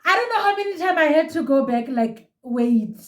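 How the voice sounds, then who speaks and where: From a room at home, a young South African woman gives a gushing, chatty review of a reality show, code-switching along the way. Her high-pitched voice is expressive at a moderate pace. She is set back from the mic, so the sound has a roomy echo.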